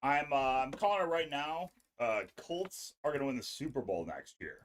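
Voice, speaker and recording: A man co-hosting a live sports stream in casual chat, excitable and blunt with his opinions. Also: medium pitch, normal speed. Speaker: co-host.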